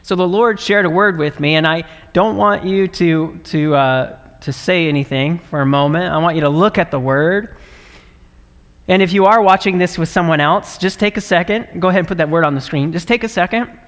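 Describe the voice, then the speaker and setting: A male pastor delivering a sermon in a conversational, earnest manner, often checking in with a quick "right?". His voice sits a little high for a man, and it rings with the long reverb of a big church sanctuary. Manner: conversational, earnest, warm laughs and frequent "right?". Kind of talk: livestreamed sermon. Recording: long reverb of a large hall.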